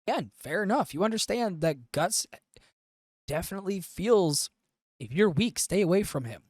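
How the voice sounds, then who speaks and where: A man's voice: high-pitched, expressive, normal speed, darkish tone, dry recording, clean studio sound. A man hosting a podcast, recapping an anime in a loose, profane, chatty way with lots of fillers. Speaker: podcast host. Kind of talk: casual anime review recap.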